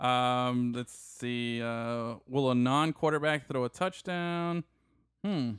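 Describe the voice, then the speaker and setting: A man, hosting a casual chat and telling stories in a slangy, animated way. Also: mid-range voice, slow, clear, resonant tone, no echo, studio quality. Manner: animated storyteller, slangy, says "bro" a lot.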